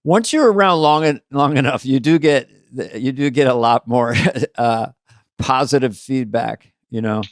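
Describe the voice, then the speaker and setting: A man co-hosting a casual chat, telling stories with halting restarts. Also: mid-range voice, dry recording, clean studio sound. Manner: halting restarts, animated storytelling. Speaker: podcast co-host.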